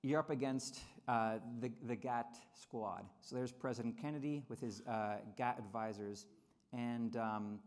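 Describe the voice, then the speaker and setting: A man giving a lively convention speech on trade history, often repeating words and acting out quotes in mocking voices. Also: mid-range voice, normal speed. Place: convention hall.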